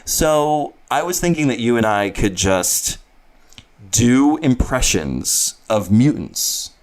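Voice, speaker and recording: A man's voice: mid-range voice, sing-song, slow. A man co-hosting a podcast in casual chat, with a teasing, playful manner. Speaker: podcast co-host.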